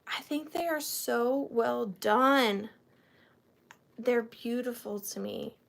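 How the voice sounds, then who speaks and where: A woman's voice: a little high, takes it slowly, creaky, fairly bright tone. A woman hosting a live online antiques sale from her home office, chatting with viewers by name and counting down bids. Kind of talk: live-stream auction chat.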